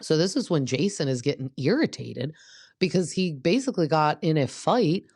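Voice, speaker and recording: A woman's voice: sits low, animated, normal speed, darkish tone, breathy edge, no echo, clean studio sound. A woman hosting a podcast, recapping a reality show in a chatty, gossipy way and acting out what the cast members said. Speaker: podcast host.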